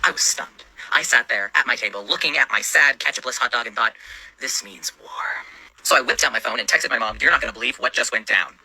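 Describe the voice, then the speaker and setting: Young man, storyteller, sarcastic and profane, quick delivery, very bright tone. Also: medium pitch, vocal fry, poor audio. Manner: sarcastic, swears a lot. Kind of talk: casual storytime narration.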